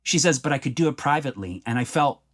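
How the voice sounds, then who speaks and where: This Canadian playwright, middle-aged, speaks quickly at a medium pitch. He's a guest on a podcast, and his storytelling is sincere and full of feeling, picking up energy whenever he discusses laughing and crying.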